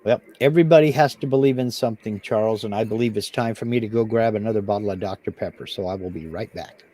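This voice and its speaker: A man's voice: lowish voice, fast, dark tone. A man chatting casually with a friend, easygoing and dryly joking. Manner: easygoing, dry humor. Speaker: friend keeping the host company. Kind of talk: casual chat.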